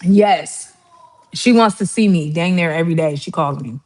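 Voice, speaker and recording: A woman's voice: on the low side, normal speed, a little mellow. Chatty woman telling family stories. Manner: chatty storytelling, laughs often, mimics relatives. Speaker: livestream host. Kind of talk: casual livestream chat while cooking.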